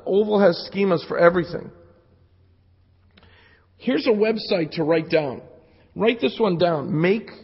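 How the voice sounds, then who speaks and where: A man with a raspy, fraying voice walks an audience through a technical talk, tossing in casual jokes. He sits a little high for a man. The lo-fi recording carries a long hall reverb. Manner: casual, joking asides to the audience. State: losing his voice from jet lag. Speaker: security conference speaker. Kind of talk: live technical talk with demos. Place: conference hall.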